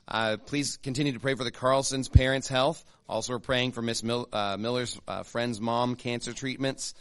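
A man's voice: mid-range voice, steady tone, moderate pace, no echo. A man, a pastor giving church announcements in a casual, chatty way with many fillers and restarts. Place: church sanctuary.

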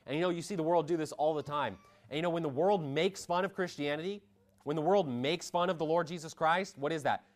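A man preaching a sermon, reading scripture aloud and stressing points with sharp rises in pitch and volume. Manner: emphatic, dynamic pitch swings, reads scripture aloud.

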